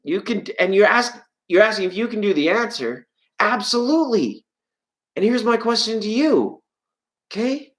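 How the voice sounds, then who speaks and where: A tarot reader hosting a live stream, chatting with viewers in a rambling, joking way, with the voice jumping up in pitch when excited. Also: normal speed, rough recording. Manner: rambling, playful and jokey; greets and answers viewers from chat.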